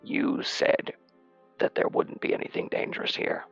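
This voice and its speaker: A man voicing a gruff golden dragonborn warrior who speaks low, quiet and threatening. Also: moderate pace, dry recording, lo-fi sound, soft background music, lightly acted. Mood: menacing.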